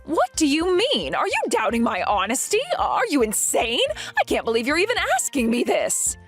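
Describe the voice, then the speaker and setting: A woman playing a controlling middle-aged mother-in-law who snaps with indignation and throws accusations, her higher voice leaping all over the place. There's a breathy edge to her tone, and soft music runs under it. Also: wildly swooping pitch, moderate pace, heavily acted. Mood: indignant. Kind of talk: voiced animated story drama.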